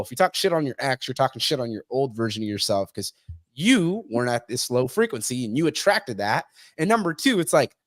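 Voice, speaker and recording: On a casual podcast, a male guest speaks bluntly, swears a great deal, and acts out the people he quotes. His voice is mid-range, and the clean studio audio carries no echo.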